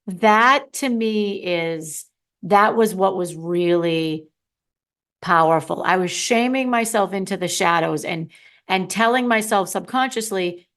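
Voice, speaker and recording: A woman's voice: mid-range voice, takes it slowly, a bit bright. A middle-aged woman, a confidence coach, talking candidly and playfully to her listeners in a solo podcast.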